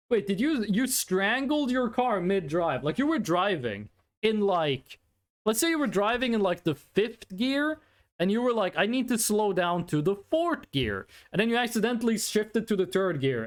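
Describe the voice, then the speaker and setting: High, lively-voiced male streamer. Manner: rambling, reads chat aloud, frequent ums. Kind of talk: casual live-stream chat.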